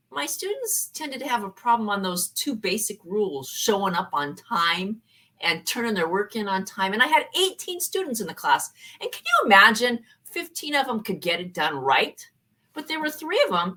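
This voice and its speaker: Animated, bright-voiced woman storyteller. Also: a little high. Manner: animated, acts out dialogue. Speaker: former college professor. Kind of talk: personal storytelling talk.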